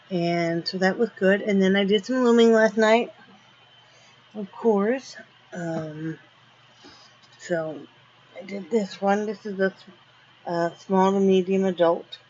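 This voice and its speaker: A woman's voice: mid-range voice, lo-fi sound. A woman filming a casual home vlog in her RV, scolding her dogs playfully and rambling through her day with lots of ums. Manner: relaxed rambling daily update with many ums. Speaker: vlogger.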